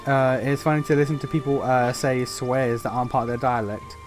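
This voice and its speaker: A man's voice: mid-range voice, little pitch movement, fairly quick, soft background music. A British man giving casual gameplay commentary. He rambles, laughs often, and swears. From Britain. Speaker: streamer.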